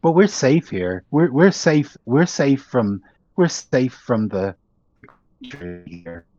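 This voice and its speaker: A man's voice: medium pitch, big pitch swings, slow, a little mellow, highs cut off, soft background music, voice pushed up. A man voicing a grieving, half-mad middle-aged woman prisoner who rambles and pleads. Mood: haunted.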